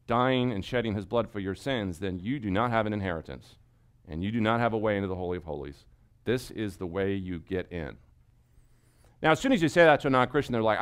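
Animated man teaching a Bible study. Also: medium pitch. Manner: animated, acts out skeptics' voices, swings from loud to hushed.

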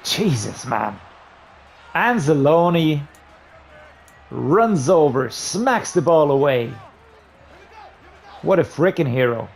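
Man, gameplay commentary, somewhat high voice, frustrated rants, muttering then yelling, swears at the game. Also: sing-song, slow, creaky, pauses often. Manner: swings from low muttering to loud outbursts. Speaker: gaming YouTuber.

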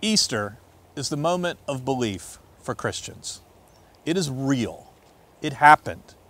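A man preaching as a pastor, reading scripture aloud and telling stories in an expressive way, swinging between loud and hushed. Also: mid-range voice, takes it slowly.

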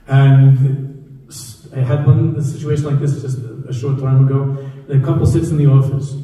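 A rabbi delivers a sermon to a live audience, telling stories conversationally and repeating key phrases for emphasis. His voice is medium-pitched and mellow with little pitch movement, at a moderate pace, captured by a distant mic in an echoey hall.

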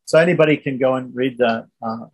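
Husky man teaching scripture. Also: mid-range voice, brisk. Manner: conversational storytelling, often asks "right?". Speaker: religious teacher. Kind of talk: scripture class lecture.

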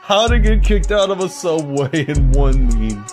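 A man's voice: a little high, sing-song, a little slow, faint music behind. A man casually reacting to meme videos, exclaiming and laughing at what he sees.

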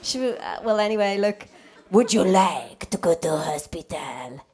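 A woman doing live musical comedy on a theatre stage, teasing the audience and swinging between loud asides and hushed whispers. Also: on the low side, lively intonation, unhurried. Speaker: comedic harpist. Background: harp music.

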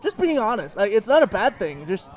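A man's voice: high voice, very animated, fairly quick, some chatter behind. A young man hosting a casual interview, joking and teasing his guests. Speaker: host.

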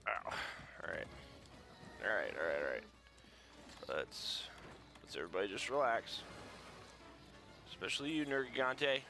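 A man giving playful let's-play commentary, excitable and jokey, taunting the monster he fights. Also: medium pitch, normal speed, long pauses, soft background music. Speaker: gaming YouTuber.

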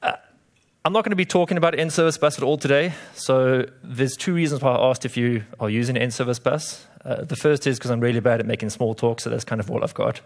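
A man's voice: mid-range voice, fast. A man with a South African accent giving a conference talk to a room of developers, with dry, self-deprecating jokes. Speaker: conference speaker.

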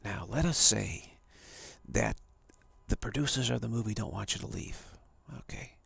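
A man's voice: lowish voice, expressive, normal speed, vocal fry, a bit bright, husky, no room sound. A man on a live stream, telling a long hypothetical story in a rambling way with many restarts. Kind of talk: storytelling monologue. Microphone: home setup for a live stream.

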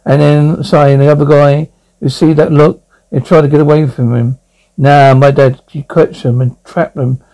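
A man's voice: a little high, flat delivery, moderate pace, mellow, lightly acted, poor audio. A man voicing a brooding young blind lawyer at confession, stammering through his memories in an amateur audio drama.

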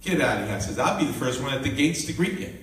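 A male minister preaching a live sermon and telling a personal story with lively, animated delivery. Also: mid-range voice, fast. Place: live church gathering. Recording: echoey room, mic at a distance, faint noise.

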